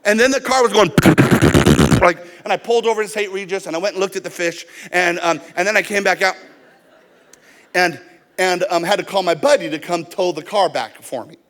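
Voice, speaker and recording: A male pastor with a high voice delivers a sermon. He tells personal stories and acts out both sides of the conversations as he preaches. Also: brisk, a bit bright.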